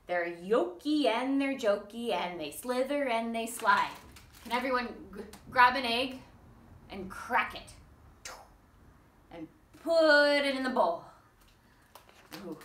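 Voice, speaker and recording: Woman reading a kids' storybook, kinda high, slow and singsongy, echoey room, mic sits a bit away. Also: fairly bright tone, far from the mic. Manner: slow, sing-song, coaxing children to join in. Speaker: library storytime reader. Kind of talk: reading a picture book aloud to young children.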